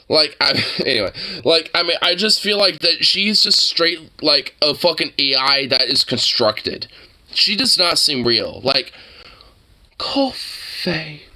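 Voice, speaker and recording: A streamer reacts to a clip in a casual stream, laughing constantly and swearing as they parrot its lines. The voice is bright and sharp, slow-paced, with lively pitch swings. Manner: laughs a lot, swears, repeats the clip's lines back.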